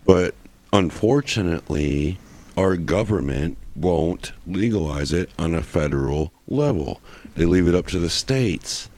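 A man's voice: low voice, expressive, a little slow, a little mellow. A man chatting loosely as a podcast guest, profane and full of restarts. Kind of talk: casual podcast chat.

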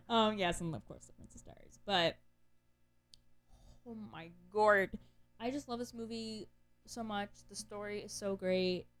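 A woman's voice: mid-range voice, normal speed. A young woman co-hosting a podcast, chatting casually with sarcastic asides and plenty of fillers. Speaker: podcast co-host. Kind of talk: casual chat.

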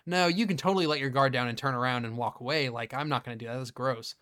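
A man hosting a podcast, retelling a movie scene by scene in a casual, profane and animated way. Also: mid-range voice, quick pace, smooth. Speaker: podcast host. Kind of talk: casual movie review chat.

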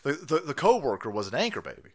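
A man hosting a livestream, ranting in a mocking, combative way that swings from loud outbursts to low muttering, and reading viewer chat aloud. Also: big pitch swings, fast talker. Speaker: livestream host. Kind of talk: ranting political commentary livestream.

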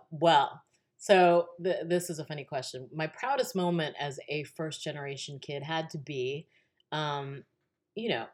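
A woman guest on a podcast, telling a story casually with lots of fillers, restarts and laughter. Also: sits low.

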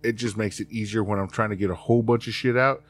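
A man's voice: fairly low pitch, fast. A man co-hosting a casual podcast chat, telling stories with a laugh and acting out what people said. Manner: animated storyteller, laughs often, acts out quotes. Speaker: podcast co-host.

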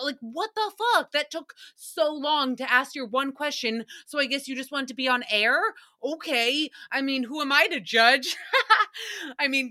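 A woman's voice: a little high, sharp tone. A woman in her thirties hosting a solo recap podcast, sarcastic, profane and rambling. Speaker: podcast host.

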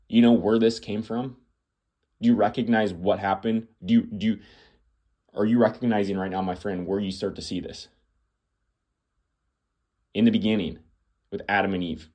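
A man's voice: fairly low pitch, fairly even intonation, moderate pace, long pauses, mellow. A man hosting a podcast, preaching earnestly to the listener with emphatic, repeating phrases. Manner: earnest, addresses listener as "my friend". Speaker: podcast host. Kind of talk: preaching monologue.

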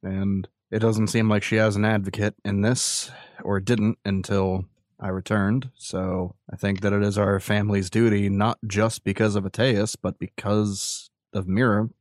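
Man, tabletop player, formal in-character speech, low voice, dry sound. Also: flat delivery, measured pace, no echo. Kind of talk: playing a tabletop game.

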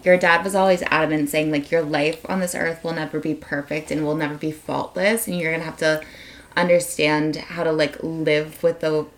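A woman's voice: low voice, steady tone, moderate pace. A tipsy young woman chatting earnestly on a podcast, rambling and fond of big words. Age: young adult. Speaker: podcast guest, host's friend. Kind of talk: casual podcast chat.

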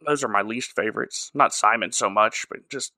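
A man co-hosts a podcast, recapping a show in casual, joking chat and acting out characters in exaggerated voices. His voice is lowish, bright and forceful at a moderate pace, captured dry and studio quality.

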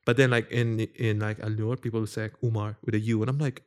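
A man's voice: lowish voice, level tone, quick pace, darkish tone, clean tone. A young man in casual chat, laughing often and acting out quotes as he tells stories.

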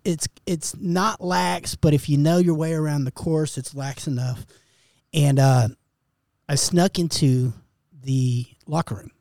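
A man with a fairly high voice tells a folksy, wry story on a podcast. The sound is dry and close to the mic. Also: a little mellow, no room sound.

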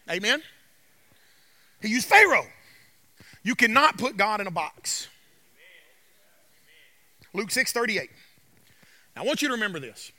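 A man's voice: high voice, sharp tone, dry recording. A male pastor preaching a sermon with emphatic repetition, asking "Amen?" as he goes.

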